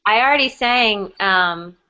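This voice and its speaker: A woman's voice: medium pitch, unhurried, bright, forceful tone, clear, resonant tone, faint music behind. A young woman co-hosting a casual live-stream fan chat, wry and joking, a bit worn out and unwell. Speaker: co-host of a fan chat show. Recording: dull lo-fi webcam audio.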